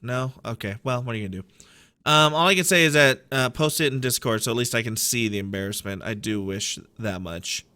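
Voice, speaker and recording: A man's voice: mid-range voice, a little fast, pushed and bright, clean tone. A man streaming a game, giving rambling, playful, self-deprecating commentary. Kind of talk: casual gameplay commentary.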